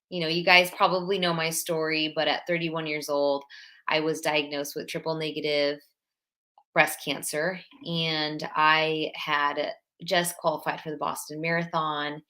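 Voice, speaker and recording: A woman in her thirties hosts a live stream, chatting warmly and sincerely and greeting viewers by name. Her voice is low-pitched, bright and forceful.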